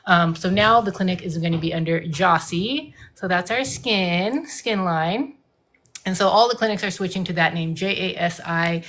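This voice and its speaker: Lowish-voiced woman chatting on a live stream, super casual, keeps saying like and dude. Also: moderate pace, fairly bright tone, slight background noise. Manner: chatty, emphatic, says "like" and "dude" often. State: getting out of breath. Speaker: cosmetic nurse practitioner.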